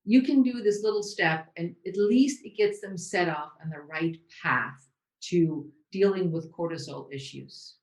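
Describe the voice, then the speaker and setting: A woman's voice: lowish voice, measured pace. A woman hosting an interview, affirming her guest and asking for tips. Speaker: host. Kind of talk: casual interview talk. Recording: echoey room.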